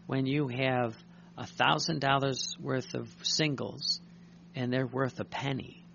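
A man preaching a sermon, reading passages aloud, halting with many fillers and restarts and clearing his throat often. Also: mid-range voice, fairly bright tone. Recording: muffled recording with faint hum.

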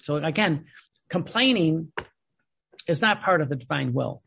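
A man reading aloud and commenting on a spiritual text, telling stories in a digressive, animated way. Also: fairly high pitch, unhurried, vocal fry, slightly rough. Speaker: religious teacher.

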